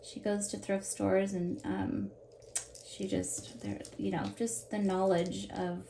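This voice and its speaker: A woman's voice: mid-range voice, flat delivery, takes it slowly, vocal fry, background noise. A woman in her thirties chatting casually as she unboxes jewelry, rambling from topic to topic. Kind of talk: casual chat while unboxing. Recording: roomy echo with faint ambience.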